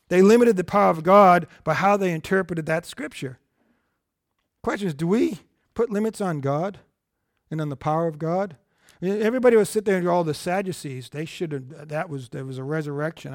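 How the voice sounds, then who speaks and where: A man's voice: high-pitched, no room sound, studio quality. A man teaching a Bible lesson as a sermon, earnest and conversational, often asking the listeners questions.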